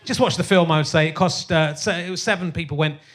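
A man's voice: a little high, fast, fairly bright tone. A middle-aged man hosting a comedy podcast live on a theatre stage, rambling and sardonic with crude asides and lots of fillers. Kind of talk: live stand-up style podcast chat.

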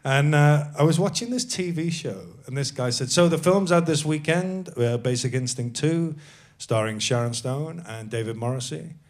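A man's voice: a little high, moderate pace, few pauses. A man telling a self-deprecating story as a guest on a live comedy podcast, laughing often. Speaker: actor guest.

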